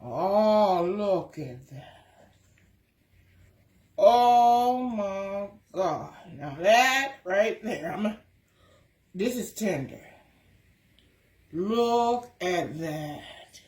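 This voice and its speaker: A woman talking through her cooking in a casual vlog, full of drawn-out excited exclamations. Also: medium pitch. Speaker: cooking vlogger. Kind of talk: casual cooking video talk. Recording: echoey room.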